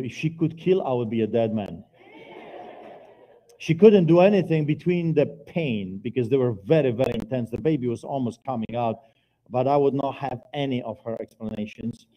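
A middle-aged man preaching a personal testimony at a church service, earnest and by turns quiet and forceful. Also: medium pitch, moderate pace, highs cut off. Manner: earnest, swings between quiet and loud. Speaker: guest preacher giving testimony. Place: church sanctuary, live service.

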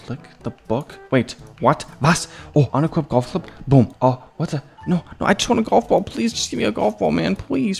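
A gaming YouTuber delivers excitable, jokey gameplay commentary, tossing in mock-Spanish phrases. His mid-range voice is gravelly and slightly rough.

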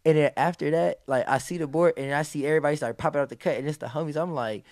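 A podcast guest tells a story in casual, profane speech, animatedly acting out what people said. His voice is on the high side and rapid-fire. The recording is dry and studio quality.

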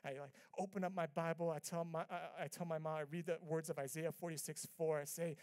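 A man preaching a sermon as pastor, telling a personal story with earnest, conversational delivery, swinging between soft and loud passages. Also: fairly high pitch, fairly even intonation, fairly quick, few pauses. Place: church sanctuary.

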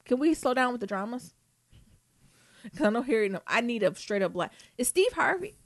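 A woman chats on her podcast with a lively, higher voice that rises and falls constantly. She teases, swears freely and jokes with her co-host. The sound is close and dry, with no room around it. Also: a little fast, dry recording. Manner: animated, swearing, playful and teasing. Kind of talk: casual chat.

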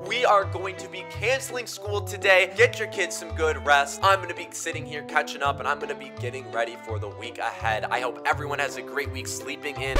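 A man role-playing a school principal in a comedic game video, talking in exaggerated, shouty bursts over loud background music. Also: a little high, expressive, a little fast, hardly any pauses.

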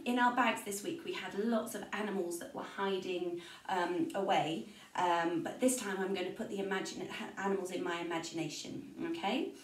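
A woman teaching a music lesson to young children from her room at home, gentle and encouraging. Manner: gentle, encouraging, jumps high in pitch for sung parts. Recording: roomy, distant mic in home room.

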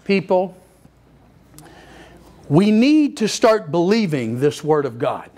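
An older man preaching a sermon, telling stories with lively energy and sudden shouts. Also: fairly high pitch, a little slow. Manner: animated storytelling, acts out children's voices, bursts into shouts. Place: church sanctuary.

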